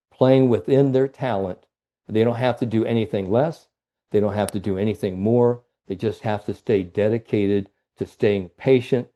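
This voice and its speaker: A man from Ohio, a mental performance coach, telling stories as a guest in an interview, with a lively storytelling manner. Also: lowish voice. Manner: animated storyteller, frequent "you know".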